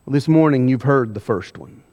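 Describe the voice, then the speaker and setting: A man preaching a sermon, pressing the congregation with repeated questions and slowing down for emphasis. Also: medium pitch, expressive, a little mellow. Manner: emphatic, questioning the congregation, varying pace widely. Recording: long hall reverb.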